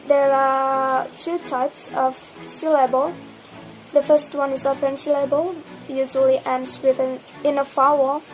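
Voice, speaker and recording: A woman's voice: high voice, rough recording. A young woman from Indonesia with an Indonesian accent, reading a class presentation carefully and restarting words mid-phrase. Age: young adult. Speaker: student presenter.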